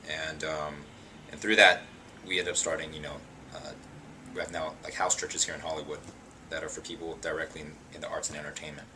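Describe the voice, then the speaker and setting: A young man with a low, deep voice and a bright, forceful edge, speaking in a casual interview. He tells his story in an animated, chatty way, full of ums and you-knows. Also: brisk, slight background noise. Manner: animated, chatty, many fillers like um and you know. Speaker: pastor and singer interviewed.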